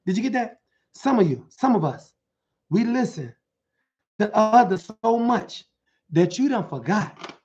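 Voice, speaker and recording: A man preaches motivation to an online audience in rhythmic, rhyming phrases, frequently checking in with his listeners like the life coach he is. His high-pitched voice is very animated yet unhurried, with long pauses, a slightly mellow quality and lo-fi sound.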